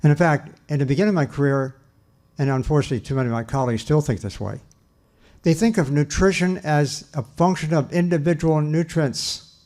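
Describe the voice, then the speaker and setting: Older male scientist lecturing; mellow, earnest, emphatic, repeats himself. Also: a little high. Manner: earnest, emphatic, repeats phrases with pauses and restarts. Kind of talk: public lecture.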